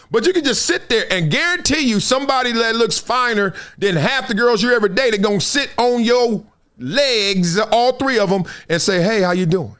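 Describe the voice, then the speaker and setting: A middle-aged man hosts a live commentary stream in a high, lively voice that jumps all over the place. He reads items aloud, then breaks off into loose, slangy riffs full of laughter. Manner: animated, laughing, slangy asides. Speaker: host.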